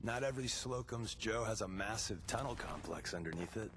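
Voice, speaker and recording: A man's voice: lowish voice, lively intonation, brisk, lightly acted. A man voicing a wry male game character. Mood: dry. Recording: quiet game audio under commentary, noisy.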